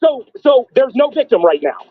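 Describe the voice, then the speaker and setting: A man hosting a call-in stream, grilling a caller with sarcastic, accusing rapid-fire questions. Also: extremely high pitch, very animated, no echo, phone-quality sound. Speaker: stream host. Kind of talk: heated confrontational call-in argument.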